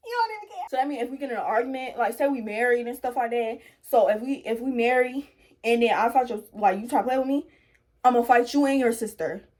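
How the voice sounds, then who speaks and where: A woman's voice: fast, slight background noise. A young woman, casually telling a storytime and animatedly acting out quotes. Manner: animated, acts out quotes in a high voice. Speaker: vlogger.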